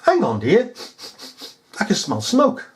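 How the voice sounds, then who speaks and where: A man's voice: high voice, wildly swooping pitch, takes it slowly, voice pushed up, heavily acted. A man doing a nagging wife. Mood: suspicious. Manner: prying, accusing. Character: suspicious nagging English wife.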